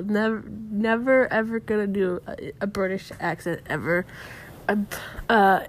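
A woman's voice: mid-range voice, unhurried, slight background noise. A young adult woman casually recapping a podcast episode, rambling with lots of fillers and self-corrections. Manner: rambling, heavy use of "like" and "um", frequent self-corrections.

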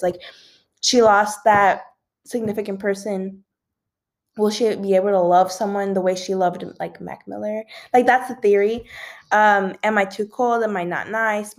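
Rambly young woman chatting gossip. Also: medium pitch. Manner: rambling, filler-heavy, yawns now and then. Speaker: celebrity gossip host. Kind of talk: casual chat.

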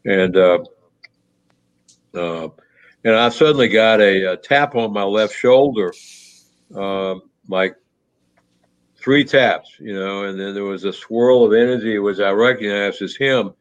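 Man, lower register, hesitant storyteller, muffled recording. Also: clean tone. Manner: halting, many restarts and fillers. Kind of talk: reflective conversational storytelling. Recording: muffled low-fidelity audio.

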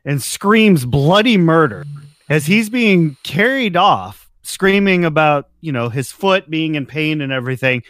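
Man, game master, unhurried narration, slightly high pitch, dry close sound. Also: lively intonation, a bit bright, no echo. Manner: slow, laughs between narration.

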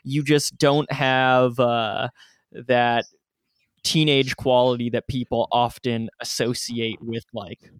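A man's voice: mid-range voice, level tone, takes it slowly, clean tone, no echo, studio quality. A man co-hosting a casual movie review chat, searching for words as he talks. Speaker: podcast co-host.

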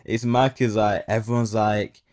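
A man's voice: fairly low pitch, unhurried. Slangy man telling stories. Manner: animated, slangy, repeats phrases for effect. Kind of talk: casual storytelling monologue.

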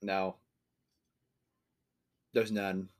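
A man's voice: low-pitched, level tone, drawn-out words. A young man co-hosting a podcast, joking crudely, laughing often and acting out quoted lines. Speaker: podcast co-host. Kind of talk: casual crude banter.

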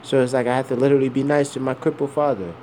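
A man of about forty races through a blunt, heavily profane personal monologue in a medium-pitched, steady, mellow voice. It rambles, full of fillers and repeated asides, with a little hiss or hum in the background.

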